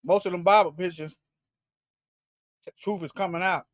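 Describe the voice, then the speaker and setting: A man preaching fervently to viewers on a livestream. He swings from loud, forceful bursts to low muttered asides and often repeats and restarts his words. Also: fairly even intonation, normal speed, no room sound. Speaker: self-styled Bible teacher on a livestream.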